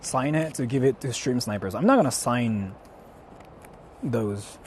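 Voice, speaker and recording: A male streamer, out of doors in a city at night, talking in loud, profane, mocking bursts and switching between English and Japanese, recorded on a handheld mic while he walks. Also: mid-range voice, lively intonation, measured pace, slight background noise. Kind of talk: casual live-stream chatter.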